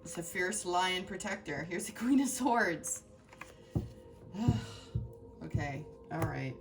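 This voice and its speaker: Earnest low-voiced woman reading tarot. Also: lively intonation, takes it slowly, far from the mic, music in the background. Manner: earnest and heartfelt, addresses viewers directly, many fillers and restarts. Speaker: tarot reader. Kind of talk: emotional tarot reading to viewers.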